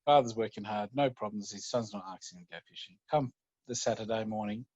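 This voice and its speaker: A man telling a story in an unhurried, conversational way. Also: lowish voice, a little mellow, dry recording, highs cut off. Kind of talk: oral storytelling.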